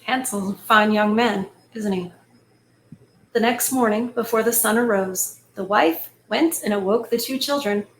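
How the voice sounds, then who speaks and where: A woman reading a fairy tale aloud and breaking off into chatty, excitable asides. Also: mid-range voice, measured pace, a little hiss or hum. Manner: excitable, chatty, animated commentary. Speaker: storyteller host. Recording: echoey room, faint ambience.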